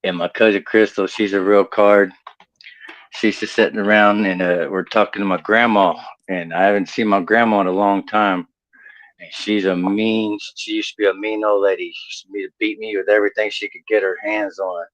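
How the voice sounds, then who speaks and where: A man's voice: on the low side, flat delivery, moderate pace, a bit bright, poor audio. A man from the with a drawl, telling rambling stand-up stories and laughing at his own jokes. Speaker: stand-up comedian. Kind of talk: storytelling stand-up set. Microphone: home computer mic on video call.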